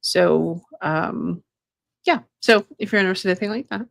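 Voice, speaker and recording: A woman's voice: medium pitch, moderate pace, vocal fry, dry recording, studio quality. A woman co-hosting a casual live stream about energy healing, rambling with many fillers. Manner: rambling, many ums and you-knows. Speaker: co-host, energy healer.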